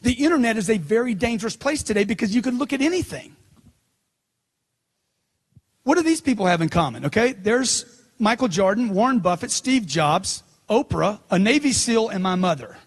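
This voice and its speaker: A man's voice: high-pitched, lively intonation, a little fast. A middle-aged man speaking as a motivational speaker at a seminar, punchy and emphatic, repeating lines for effect. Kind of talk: seminar speech.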